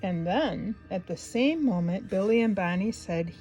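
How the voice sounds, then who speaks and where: A woman reading a children's picture book aloud in a gentle, expressive way, pausing for asides to the young listener. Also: medium pitch, soft background music, poor audio. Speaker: storybook reader.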